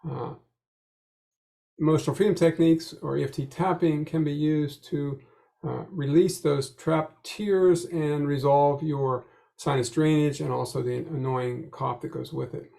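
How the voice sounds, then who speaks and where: A man with a strongly gravelly, slightly raised voice walks listeners through a tapping routine. He speaks slowly, with frequent fillers, and repeats the same affirmation phrases in a steady chant. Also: a little high. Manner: slow, halting delivery with frequent "uh" fillers. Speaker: EFT tapping coach. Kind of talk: guided tapping instruction.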